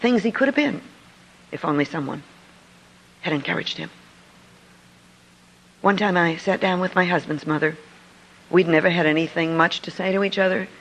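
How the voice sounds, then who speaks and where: Gravelly middle-aged woman telling a story. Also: lowish voice, normal speed, pauses often, slight background noise, low-quality recording. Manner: earnest, confiding storytelling with lively emphasis. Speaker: author and public speaker. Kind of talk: storytelling speech.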